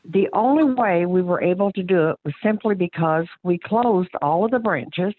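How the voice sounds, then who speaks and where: A woman's voice: lowish voice, moderate pace. A woman, a county clerk giving plain-spoken, earnest remarks at a public board meeting, with frequent fillers and restarts. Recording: tinny phone-line audio, dry.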